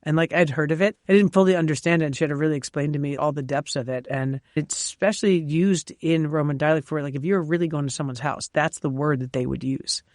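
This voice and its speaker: A woman chef from New York, a guest on an interview show, telling lively stories with frequent laughs and fillers. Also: sits low, fast talker, hardly any pauses, dry recording, studio quality. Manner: animated storyteller, laughs often, many fillers. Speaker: chef and cookbook author, guest. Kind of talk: casual interview chat.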